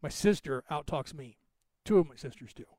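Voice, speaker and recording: Man, podcast host, rapid rambling monologue, slightly high voice, dry close sound. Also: lively intonation, a little mellow, no room sound. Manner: rapid, talkative, digressive.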